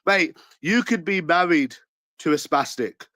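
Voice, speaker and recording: A man with a London accent, ranting angrily to camera in a repetitive, jeering way that breaks into shouts. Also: a little high, lively intonation, unhurried, no echo, poor audio. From England. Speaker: channel owner. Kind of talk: angry ranting monologue to camera.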